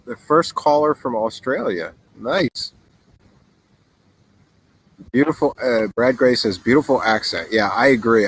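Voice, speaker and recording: A man hosting a call-in show in casual chat, recorded on a laptop outdoors by a fire in the mountains, relaxed and easily amused. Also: medium pitch, slight background noise, rough recording. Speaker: host. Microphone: laptop mic.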